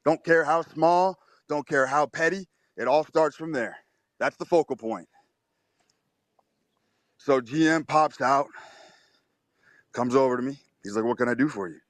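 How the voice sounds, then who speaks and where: A man's voice: on the high side, measured pace, pauses often, no echo. Swaggering, profane man, dry close sound. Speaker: host. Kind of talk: storytelling on a live audio chat.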